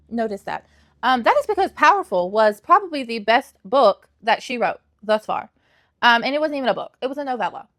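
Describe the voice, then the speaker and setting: A young woman with a fairly high voice gives casual book reviews in a chatty vlog style. She is sassy and emphatic, and she repeats her points for effect. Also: fairly bright tone.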